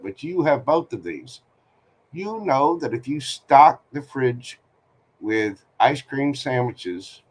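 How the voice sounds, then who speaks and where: A man hosting a live tarot reading stream, giving candid, joking, rambling advice. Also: mid-range voice. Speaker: tarot reader host.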